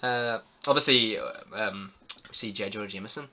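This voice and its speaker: A teenage boy co-hosting a casual film review podcast, eager and quick to laugh along. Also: fairly low pitch, pushed and bright. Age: teens. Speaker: podcast co-host.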